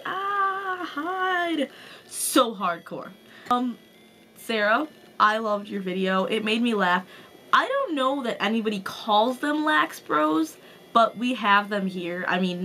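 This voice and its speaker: A woman's voice: medium pitch, bright, forceful tone, a little hiss or hum. A young woman from Wisconsin, chatting bubbly and self-mocking in a casual vlog. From Wisconsin, USA. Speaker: collab video vlogger.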